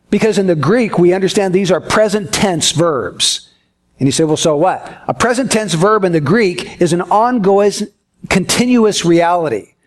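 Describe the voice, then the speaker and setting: A pastor preaching a sermon to his congregation, earnest and folksy, telling a homespun story with gentle humor. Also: high-pitched.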